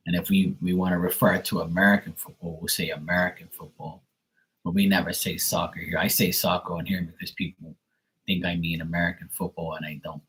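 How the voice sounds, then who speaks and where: A man's voice: deep voice, flat delivery, brisk, fairly bright tone, slightly rough. A Bermudian man in his thirties chatting casually and rambling on a live stream, with some swearing.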